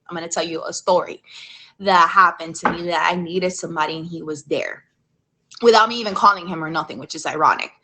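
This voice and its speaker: A woman's voice: on the low side, poor audio. A young adult woman, a podcast guest, telling a rambling personal story in a casual way with lots of "like" and some cursing. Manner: rambling, animated, with frequent "like" and cursing.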